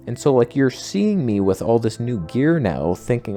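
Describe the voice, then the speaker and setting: A man talks through his camera gear in a loose, self-mocking vlog ramble, jumping up and down in pitch as he goes. His voice is mellow and gravelly, with quiet music running underneath. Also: sing-song, normal speed. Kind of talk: casual talking-head vlog.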